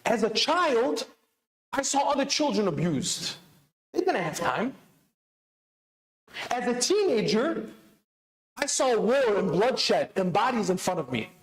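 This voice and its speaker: Man preaching in a big echoey hall, high voice that swings up and down a lot, keeps firing questions at the crowd. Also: big pitch swings, slow, long pauses. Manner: urgent, asks the crowd questions and answers them. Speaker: speaker at a religious celebration. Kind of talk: sermon.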